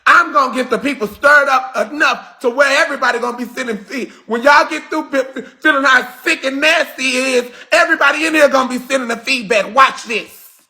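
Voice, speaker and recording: A man hosting a livestream, delivering a heated, confrontational rant with shouting and cursing. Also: extremely high pitch, brisk. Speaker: livestream host.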